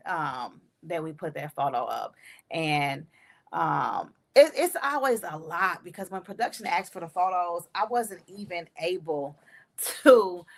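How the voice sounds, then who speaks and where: A woman comedian hosting her own podcast, talking in a heartfelt, emotional way with many fillers. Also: deep voice. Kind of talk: personal podcast monologue.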